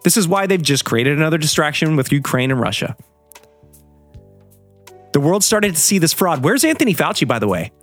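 A man's voice: on the high side, very animated, brisk, pauses often, a bit bright, soft background music. A man hosting a show, ranting heatedly in a profane solo monologue.

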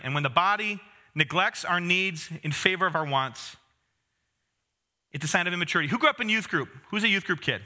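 A man's voice: sits high, pushed and bright. A man in his thirties preaching a conversational sermon, with self-deprecating humor and asides to the congregation. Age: 30s. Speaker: pastor.

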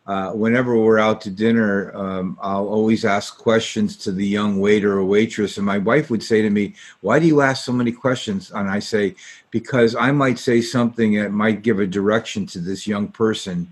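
A man's voice: fairly low pitch, fairly even intonation, normal speed, slightly rough. A man hosting an interview, asking questions in a rambling way with many fillers. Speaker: interview host. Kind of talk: podcast interview.

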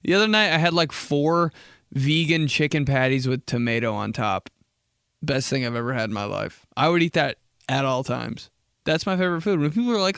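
A man's voice: on the high side, a little fast, creaky, a bit bright, clear, resonant tone, dry recording, clean studio sound. A young man hosting a casual solo podcast, rambling and joking, saying like a lot. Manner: rambling, jokey, says like a lot. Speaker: podcast host.

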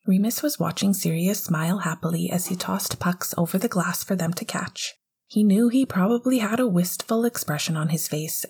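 A woman reading a story aloud in a soft, slow, hushed whispered narration. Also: lowish voice, breathy edge. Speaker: audiobook reader.

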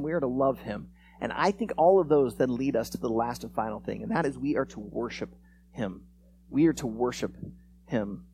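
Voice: medium pitch, a little hiss or hum. A preacher giving a conversational sermon, telling stories and acting out the lines of the people in them. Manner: animated storyteller, acts out quoted lines; conversational, frequent restarts and "like". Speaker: pastor. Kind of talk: sermon with storytelling.

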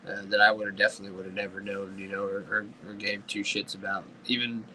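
Low, flat-voiced laid-back man. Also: a little hiss or hum, low-quality recording. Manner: laid-back, halting, swears casually. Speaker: podcast guest. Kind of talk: casual podcast chat.

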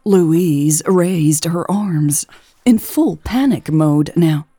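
A woman narrating a romance audiobook in a measured, scripted reading. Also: deep voice, mellow, husky, no echo, faint music behind.

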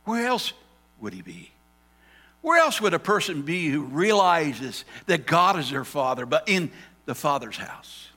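A male pastor preaching a sermon, telling the story dramatically and swinging between loud and hushed. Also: fairly high pitch, huge pitch swings, measured pace, in a large hall. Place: church sanctuary.

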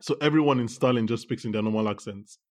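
A man co-hosting a casual podcast about a TV show, talking in animated bursts with quick asides and restarts. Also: mid-range voice. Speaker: podcast co-host. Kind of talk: casual chat reviewing a TV show.

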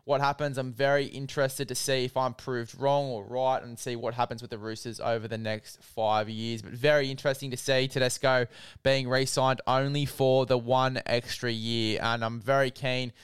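A young Australian man talking sport in a loose, rambling way, circling back over the same phrases. His voice is smooth and clear, and the sound is dry and close. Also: medium pitch, level tone, normal speed, no room sound. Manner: rambling, repeats phrases, says mate a lot. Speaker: podcast host. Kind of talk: casual sports chat.

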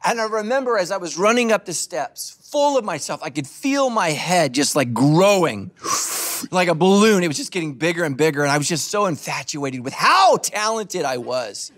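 A middle-aged male pastor preaching a sermon with animated, humorous storytelling. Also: high voice, normal speed.

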